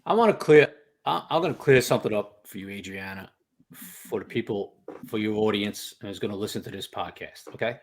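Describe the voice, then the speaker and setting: A man appears as a guest insider on a casual sports podcast, speaking emphatically and telling stories laced with "you know" and "okay." His voice is lowish and fairly quick.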